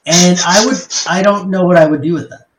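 A male podcast guest riffing in an animated, incredulous way, swearing freely. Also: high voice, a little fast, roomy sound, poor audio. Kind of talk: casual podcast chat.

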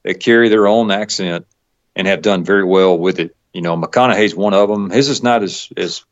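A man's voice: low-pitched, moderate pace. A middle-aged man with a Georgia Southern accent, chatting casually as a guest, rambling with fillers and frequent chuckles. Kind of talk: casual interview chat. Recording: dull lo-fi recording.

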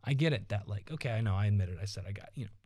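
A man's voice: fairly low pitch, very fast, warm tone, breathy edge, no echo, studio quality. A man hosting his own solo podcast, rambling and ranting with constant swearing. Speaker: podcast host.

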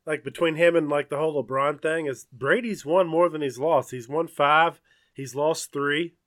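Man, podcast co-host, bright slightly high voice, dry close mic, short casual asides. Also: steady tone, normal speed, no echo. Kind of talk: casual sports chat.

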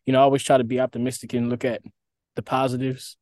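A young man in a mid-range voice answers in a relaxed, rambling way. The recording is dry and close. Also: mid-range voice, fast, no room sound. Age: young adult. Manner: relaxed, rambling, lots of fillers. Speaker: band member, guest. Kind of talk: casual interview answers.

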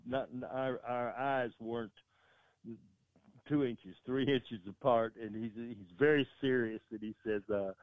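A man's voice: fairly low pitch, fairly even intonation, moderate pace, clean tone, no echo. An older man, a former wrestling manager, telling a long rambling anecdote with many restarts. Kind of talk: casual storytelling. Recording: tinny phone line.

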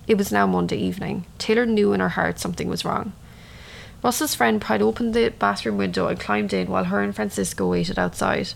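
A woman's voice: medium pitch, fairly even intonation, fairly quick, vocal fry. A woman recounting a true story in a matter-of-fact way, adding her own opinions between events. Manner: matter-of-fact retelling with personal asides.

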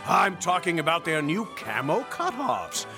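A man playing a folksy pitchman in a comedy radio ad, with exclamatory sales patter. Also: big pitch swings, unhurried, music in the background. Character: folksy hearty male ad pitchman.

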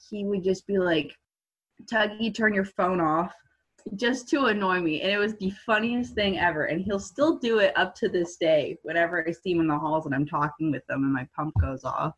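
A teenage girl telling a funny school story as a podcast guest, animated and laughing as she talks. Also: on the low side, husky. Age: teens. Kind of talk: casual storytelling. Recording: muffled lo-fi audio.

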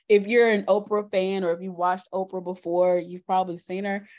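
A woman's voice: mid-range voice, fairly even intonation, normal speed, darkish tone. A woman with a Southern US accent co-hosting a podcast, reminiscing in easygoing casual chat with frequent laughs. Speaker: podcast co-host.

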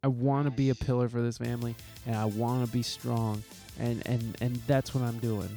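A man's voice: mid-range voice, little pitch movement, normal speed, creaky, warm tone, soft background music. A man hosting his own podcast, talking in an earnest, heartfelt way with casual swearing and lots of restarts. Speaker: podcast host. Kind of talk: solo podcast talk.

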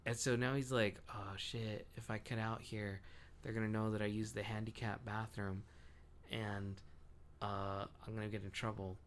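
A man's voice: lowish voice, flat delivery, moderate pace, slight background noise. A young man co-hosting a casual podcast, rambling through stories with lots of swearing. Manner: profane, rambling storyteller. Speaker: podcast co-host. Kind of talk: casual chat.

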